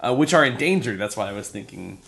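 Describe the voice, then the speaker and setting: A man talking as a guest on a casual podcast. His voice sits a little low. He is eager and chatty, trading trivia and stopping to fix his own slips. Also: lively intonation, fast, vocal fry, a bit bright. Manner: enthusiastic fan, chatty, self-correcting.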